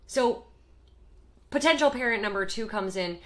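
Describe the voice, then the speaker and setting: A woman walks through parenting communication in an emphatic, lively teaching manner. Her voice is bright and forward, and she keeps a steady middle pitch. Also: unhurried. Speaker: parenting educator. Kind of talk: explanatory talk to camera.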